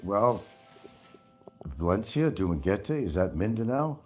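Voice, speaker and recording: Low-voiced older man rambling on a livestream. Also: big pitch swings, a little slow, slight background noise. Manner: rambling, sarcastic, chuckling. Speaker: livestream host. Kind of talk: casual livestream chat.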